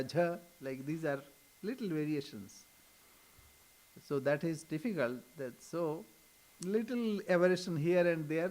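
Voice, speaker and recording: Slow-speaking older Indian swami. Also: male voice, a little high. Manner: slow, gentle, chuckling often. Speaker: swami answering questions. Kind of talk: informal spiritual talk with questions.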